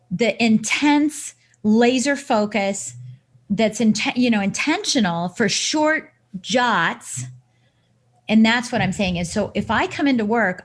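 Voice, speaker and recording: Female coach guest, animated storyteller, mid-pitched voice. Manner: animated, acts out scenarios with quoted self-talk. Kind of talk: casual interview chat.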